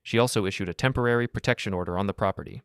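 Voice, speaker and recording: A man voicing a calm, capable male lawyer in a story, brisk and reassuring. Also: on the low side, clean tone, no echo, studio quality, lightly acted. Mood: businesslike.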